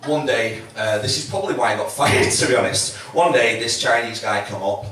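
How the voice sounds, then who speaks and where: Chatty comic, echoey room. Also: male voice, mid-range voice, brisk, a bit bright. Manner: chatty, swearing, self-mocking, acts out quotes. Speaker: stand-up comedian. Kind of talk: stand-up comedy set. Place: comedy club stage. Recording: echoey room, mic from a distance, faint noise.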